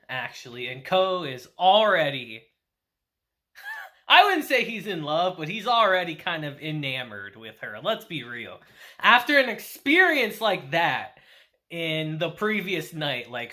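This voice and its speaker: A young man talks through an anime episode in a chatty, offhand review, breaking into laughter every few lines. His pitch swings up and down all the time, and his tone is bright and forward. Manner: laughs often while recapping, chatty and animated. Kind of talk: casual episode recap and review.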